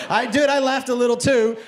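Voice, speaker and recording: A man performing a stand-up comedy set, telling an animated story and acting out the people in it. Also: extremely high pitch, heavy background noise.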